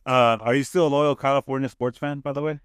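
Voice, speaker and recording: A man hosting a podcast in a casual, playful way, laughing often and firing off quick questions. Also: medium pitch, fairly even intonation, clean tone, no room sound, clean studio sound. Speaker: podcast host. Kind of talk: casual chat. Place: podcast studio.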